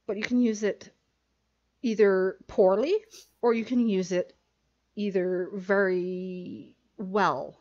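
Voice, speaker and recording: Female podcast guest, frank and lively, with a mid-pitched voice on slightly dull audio. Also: takes it slowly. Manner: frank, animated, with many fillers. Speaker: erotica writer, podcast guest. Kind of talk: casual podcast chat.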